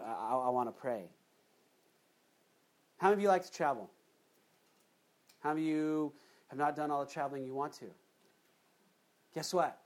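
A preacher in the middle of a sermon, talking in a loose, chatty way and throwing questions to the congregation. The voice sits at a middle pitch and leaps up sharply at times for emphasis. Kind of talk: conversational sermon.

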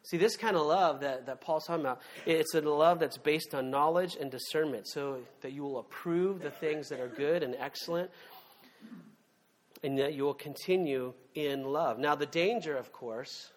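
A man's voice: a little high, normal speed. A man preaching a sermon as a pastor, talking conversationally and emphatically with frequent fillers and asides.

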